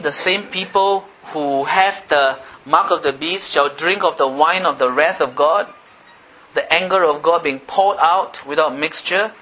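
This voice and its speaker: A man's voice: fairly high pitch, sharp tone, a little hiss or hum. A man preaching a sermon with emphatic repetition, asking his listeners questions.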